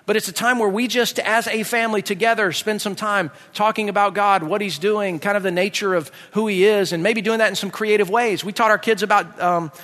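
Animated pastor in a reverberant hall. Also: male voice, high-pitched, brisk, hardly any pauses. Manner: animated, acts out his kids' voices. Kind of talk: sermon with storytelling.

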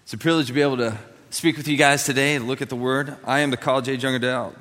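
A young adult man, a pastor, preaching a sermon and telling a story with lively acted-out dialogue. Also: mid-range voice, racing. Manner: animated, acts out dialogue in his story. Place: church sanctuary. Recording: long hall reverb.

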